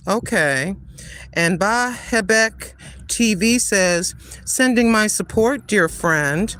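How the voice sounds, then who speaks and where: A woman's voice: mid-range voice, fairly bright tone, a little hiss or hum. An older woman hosting a casual livestream while walking outdoors on a street, chatty and rambling, laughing often as she digresses. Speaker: livestream host.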